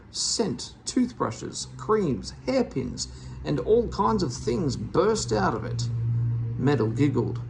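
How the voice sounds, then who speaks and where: A reader narrating a classic children's story aloud in an expressive storybook style. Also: mid-range voice, creaky, a little hiss or hum. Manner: expressive, animated.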